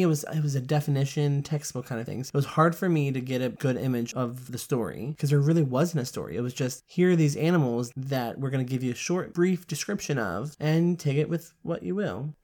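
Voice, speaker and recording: A woman in casual chat, co-hosting an audiobook review, playful and animated. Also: deep voice. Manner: chatty, playful and animated, laughs often. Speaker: podcast co-host reviewing an audiobook.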